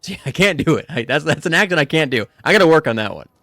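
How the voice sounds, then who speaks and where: A man's voice: on the high side, sing-song, quick pace, pushed and bright, no room sound. A man streaming a video game, joking and talking to himself in casual commentary.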